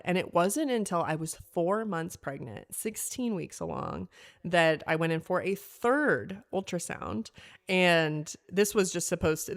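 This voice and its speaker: A young woman telling a personal story in a casual, animated way, acting out what others said. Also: lowish voice. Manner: animated, acts out quoted voices, many fillers. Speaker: podcast guest telling her birth story.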